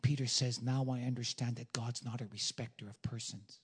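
A man preaching a sermon as a pastor, telling a story and swinging from hushed whispers to loud, emphatic bursts. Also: medium pitch, steady tone, moderate pace, few pauses, slightly rough.

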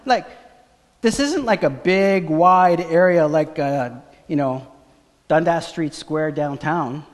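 A pastor with a fairly high voice preaches slowly, acting out the story as he drops to hushed tones and then climbs to excited shouts. The delivery is dramatic, and the long reverb of a church hall rings around his sermon.

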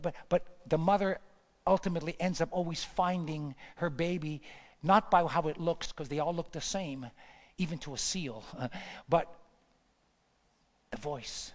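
Fervent, high-voiced man preaching in a hall. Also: a bit bright. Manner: emphatic repetition, builds to fervent peaks. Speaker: pastor. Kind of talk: sermon.

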